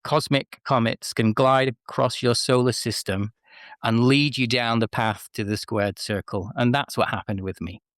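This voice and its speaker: A man's voice: medium pitch, fairly even intonation, moderate pace, fairly bright tone, no echo, clean studio sound. A man in his forties from northwest England, a chatty, self-mocking guest telling stories in a casual interview. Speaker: interview guest, former wrestler.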